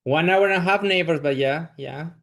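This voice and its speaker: A man's voice: a little high, normal speed, fairly bright tone. A man from southern Chile with a Chilean accent, speaking English as a second language, chatting loosely as a comedian guest on a podcast. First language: Spanish. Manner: easygoing, laughs readily, loose and informal. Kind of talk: casual podcast chat.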